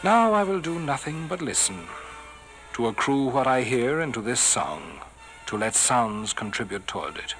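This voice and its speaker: A man giving a theatrical poetry recitation, swelling on some phrases and dropping to a hushed whisper on refrains. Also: mid-range voice, big pitch swings, normal speed, soft background music, poor audio. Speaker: poetry reader.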